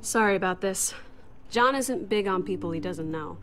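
A woman's voice: mid-range voice, normal speed, a bit bright, close to an everyday voice. An actress voicing a wary woman survivor in a video game, blunt and dry. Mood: guarded. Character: wary young woman survivor guarding a stranger.

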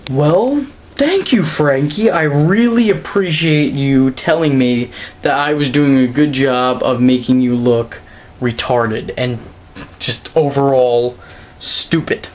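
A young man ranting straight into his camera, scornful and mocking, his pitch jumping up to stress a point. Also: slow pace. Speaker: wrestling vlogger. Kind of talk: direct-to-camera rant. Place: quiet room at night. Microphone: camera mic.

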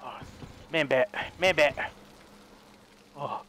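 A man hosting a gaming video, giving excitable casual commentary, yelping and talking back to enemies. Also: on the high side, slow pace, pauses often, loud music behind the voice. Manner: excitable, yelps and talks to enemies. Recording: voice over loud game audio. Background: game sound effects.

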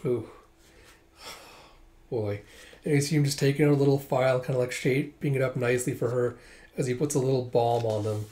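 A man talks his way through a manga volume in a relaxed, casual way, describing what happens in each panel. He slips into the characters' lines as he goes, with short asides in between. His voice sits at an ordinary middle pitch. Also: fast talker. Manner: reads panels aloud, voicing characters lightly with "it's like" asides. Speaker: manga reader. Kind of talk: casual manga readthrough narration.

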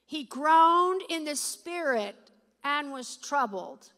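A woman preaches to a live congregation in a high, sharp, bright voice. She reads scripture aloud and keeps checking in with her listeners, then rises to loud, emphatic declarations. Her voice carries a long reverb from a large hall. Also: lively intonation, slow. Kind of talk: sermon with scripture reading. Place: church or meeting hall with an audience.

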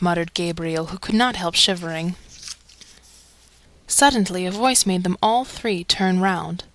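A woman's voice: fairly low pitch, a little slow, a bit bright, no echo. A woman narrating a classic novel as an audiobook, reading expressively. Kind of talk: scripted narration.

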